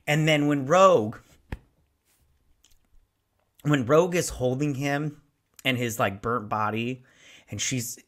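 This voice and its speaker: A man in his forties hosting a casual episode review, excitable and rambling, with a lot of swearing. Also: medium pitch, takes it slowly, pauses often. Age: 40s. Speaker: show host.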